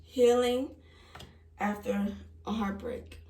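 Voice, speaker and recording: A woman's voice: fairly high pitch, fairly even intonation, takes it slowly, pauses often. A young woman reading tarot cards in a casual, emotional way, often laughing. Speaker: tarot reader. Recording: echoey room, voice from a distance.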